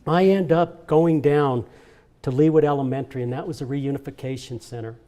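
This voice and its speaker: The honoree at a charity event, an older man, speaks in a fairly high, mellow voice. His heartfelt personal speech is earnest and emotional, its stories marked by repetition.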